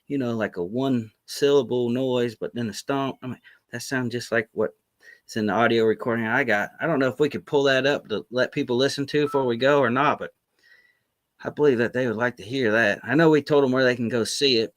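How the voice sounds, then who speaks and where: A man, a guest on a live video-call chat who tells stories in an animated, laughing way. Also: medium pitch, a little fast, no room sound. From Florida Panhandle, US. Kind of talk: casual live-stream chat. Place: remote, joining a video call.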